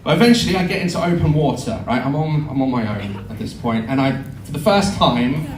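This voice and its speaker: A man telling a comic story to a live audience, animated and sweary, acting out voices and screams. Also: medium pitch, brisk, a little hiss or hum. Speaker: live show performer. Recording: echoey venue, heard from afar. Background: audience laughter.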